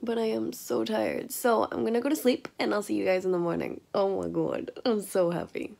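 A woman's voice: medium pitch, animated, fairly quick, gravelly, a little mellow. A tired young woman vlogging late at night in her bedroom, chatting casually to the camera held at arm's length, rambling and giggling and often dropping into whispers. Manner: giggly, rambling, self-mocking, drops into whispers.

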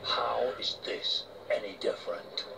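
A man's voice: fairly low pitch, fairly even intonation, unhurried, gravelly, far from the mic, noisy background. An actor playing a harsh, blunt man who mocks others, in a video game. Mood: scornful. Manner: scornful and mocking.

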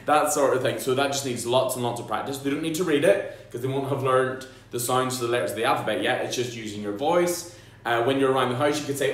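A man's voice: mid-range voice, a little fast. A man, a primary school teacher, explaining phonics to parents in a playful, jokey way and sounding out letters and noises aloud. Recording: very echoey room.

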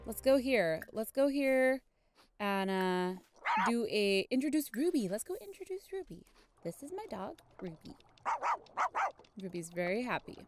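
A woman's voice: high-pitched, lively intonation, normal speed. A young woman hosting a casual let's-play, chatty and playful, scolding the pets in her game. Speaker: gaming channel host.

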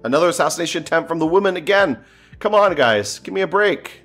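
A man's voice: on the high side, lively intonation, quick pace, a bit bright, faint music behind. A man giving casual, joking commentary while playing a strategy game, thinking aloud and sounding exasperated. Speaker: gameplay streamer.

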